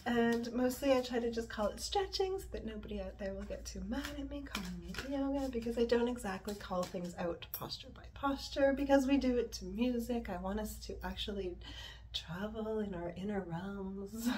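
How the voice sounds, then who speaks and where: A woman from Montreal chats casually from her bed, wandering off topic in a confessional way. Her voice sits a little high, and a faint hiss runs underneath. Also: moderate pace, darkish tone. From Montreal, Canada. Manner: rambling, digressive, confessional. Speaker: yoga and stretching vlogger. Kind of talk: casual personal vlog chat. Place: her bedroom, sitting on the bed.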